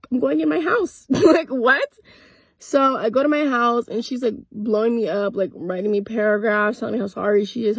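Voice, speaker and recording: A young woman recounts a personal story from inside a parked car, blunt and profane, acting out the back-and-forth as she goes. Her voice sits a little high with a husky edge. The sound is dry and close, with no room echo. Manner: blunt, profane, animated retelling with quoted dialogue. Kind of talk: casual storytime vlog.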